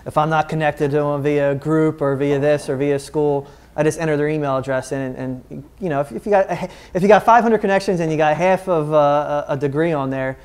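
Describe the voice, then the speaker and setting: A man's voice: on the high side, fairly quick, few pauses, darkish tone, clean tone. A man hosting an onstage interview, asking questions casually and repeating words as he goes. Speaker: event host interviewer.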